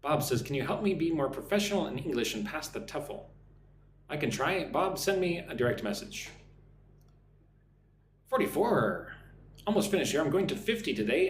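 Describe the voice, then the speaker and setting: Lively English teacher man, echoey room. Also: fairly high pitch, slight background noise. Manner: reads viewer comments aloud, slow drilled pronunciation. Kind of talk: live-stream English lesson.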